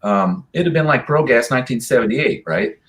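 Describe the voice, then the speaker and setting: A man's voice: medium pitch, fairly quick. Chatty male drag racer telling stories. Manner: rambling, animated, voices other people's lines. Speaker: drag racer and racing association president. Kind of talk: casual storytelling in a live Q&A.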